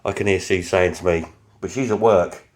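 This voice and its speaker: A man's voice: deep voice, fairly even intonation, normal speed, darkish tone. A man vlogging a home plumbing repair, chatty and self-mocking with a playfully melodramatic streak. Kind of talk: casual DIY vlog talk.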